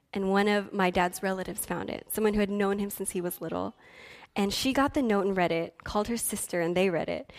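A woman preaching a sermon, telling a personal story earnestly and building to impassioned declarations. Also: mid-range voice. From Philippines heritage. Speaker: pastor.

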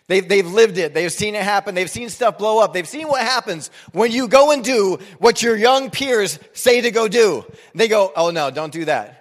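A man's voice: high voice, moderate pace, hardly any pauses, in a large hall. A man in his forties preaching a sermon in a casual, joking, conversational way. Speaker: pastor.

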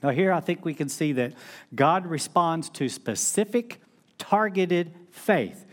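A man's voice: fairly high pitch, expressive, measured pace. A middle-aged male pastor, preaching a sermon in a conversational storytelling way. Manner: conversational storytelling with laughs and acted-out quotes.

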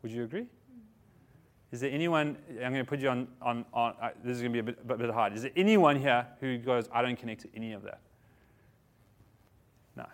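Brisk but with long pauses, a mid-range male voice preaches in a conversational manner. The pastor frequently questions his congregation and corrects himself, repeating words as he goes.

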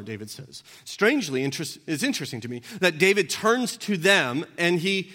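Man, pastor, earnest sermon, acts out quotes, long hall reverb, mid pitch. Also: a bit bright.

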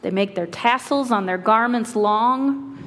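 A woman lead pastor preaching a sermon and reading scripture, earnest and slowing for emphasis, with quick asides. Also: fairly high pitch, a bit bright. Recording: long hall reverb.

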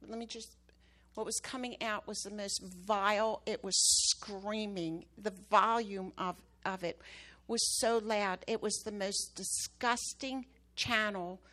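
A woman's voice: mid-range voice, fairly even intonation, a little slow, pushed and bright. A woman preaching to her church, telling a story with emphatic, rising bursts at the key moments. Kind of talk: sermon testimony.

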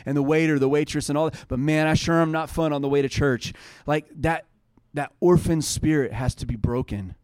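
A man's voice: fairly high pitch, fairly quick, hardly any pauses, a little mellow, clear, resonant tone, no room sound, clean studio sound. A man in his thirties preaching a sermon, earnest and conversational, building to fervent passages. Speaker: pastor.

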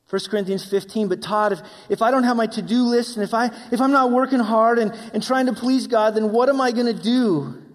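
Pastor guy preaching, high voice, big hall reverb, asks the crowd's questions himself. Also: fairly quick. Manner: preaching with questions voiced for the listeners, ends in prayer. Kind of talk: sermon.

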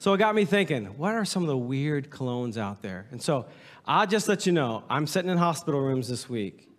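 A male pastor preaching in a church hall, his voice trailing off into a long reverb. He speaks a little high for a man and swings his pitch widely, joking and hamming up what he reads aloud. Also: very animated, fairly quick. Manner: playful, joking, reads aloud with mock drama. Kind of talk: humorous sermon to a congregation. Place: church sanctuary.

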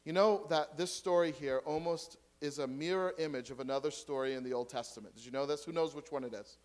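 A man delivers a sermon in a church hall. His voice sits a little high for a man. He drives his points home with force, then drops to quiet asides and questions to the congregation. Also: fast. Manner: lively preaching, dropping to quiet asides and rhetorical questions. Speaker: pastor.

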